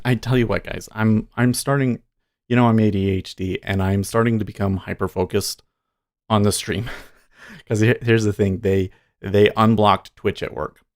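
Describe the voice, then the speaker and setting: A man's voice: fairly low pitch, a little mellow. A man chatting casually on a live trading stream, rambling and chuckling often.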